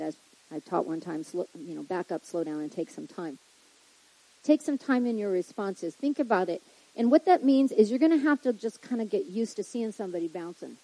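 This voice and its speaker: A woman's voice: medium pitch, dark tone, slightly rough, no echo, poor audio. A woman pastor preaching to church leaders in a conversational way, often checking in with her listeners and acting out little quoted exclamations.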